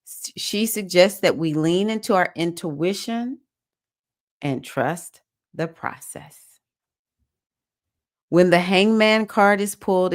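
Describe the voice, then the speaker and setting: Southern-accented woman hosting a live chat. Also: on the low side. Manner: warm, encouraging, reads comments aloud and cheers viewers. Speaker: spiritual teacher hosting a live session. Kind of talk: casual live-stream chat.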